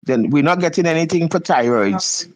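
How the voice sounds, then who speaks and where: A man's voice: on the high side, animated, normal speed. A man leaving a voice note for a radio show, earnest and searching for words. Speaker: listener sending a voice note. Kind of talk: recorded voice note.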